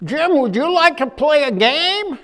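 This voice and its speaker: A man's voice: very high-pitched, big pitch swings, measured pace, a bit bright, in a large hall, voice pushed up, exaggerated voice. A preacher doing a bubbly little girl. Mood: playful. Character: chatty little girl on a plane.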